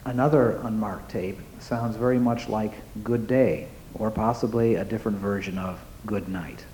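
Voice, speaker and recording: A man with a lowish voice announces each item slowly and carefully. The room is roomy and echoing, with faint ambient noise behind him. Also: fairly even intonation, dark tone. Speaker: presenter playing recordings.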